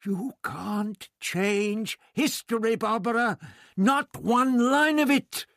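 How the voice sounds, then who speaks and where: A man's voice: high-pitched, slow pace, fairly bright tone, dry recording, voice pushed up, heavily acted. A man voicing the Doctor, a stern, imperious older time-traveller who is commanding and exasperated in an audiobook. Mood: imploring. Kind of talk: audiobook character voice.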